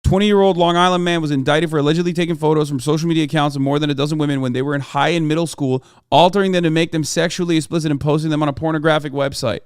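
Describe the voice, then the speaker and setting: A man's voice: a little high, steady tone, rapid-fire, few pauses, clear, resonant tone, no echo, clean studio sound. A man streaming a reaction, arguing heatedly with chat in blunt, profane language. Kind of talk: live-stream reaction rant.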